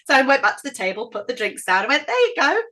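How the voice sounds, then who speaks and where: Outspoken northern English woman, middle-aged, bright higher voice, interview guest. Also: rapid-fire. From northern England. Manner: outspoken, animated, acts out quoted voices. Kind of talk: casual interview storytelling.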